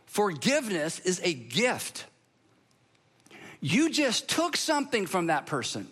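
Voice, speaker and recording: A man preaching a sermon to a live audience, emphatic, slowing to drawn-out pauses and breaking into lively bursts. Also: sits high, breathy edge. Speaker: pastor.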